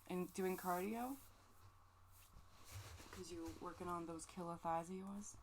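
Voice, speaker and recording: A woman's voice: lowish voice, fairly even intonation, measured pace, a little hiss or hum. A woman livestreamer chatting casually, rambling and joking with some swearing, emotional and close to tears. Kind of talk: casual stream chat.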